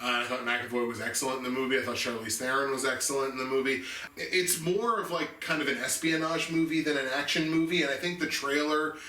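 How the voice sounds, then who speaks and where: A man talks casually and eagerly about films, often restarting his sentences. His voice is sharp and bright. He sounds set back from the mic in an echoey room, with a faint hiss. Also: mid-range voice, fairly even intonation, fast, far from the mic. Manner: enthusiastic, rambling with restarts. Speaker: movie review show co-host. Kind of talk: casual movie chat.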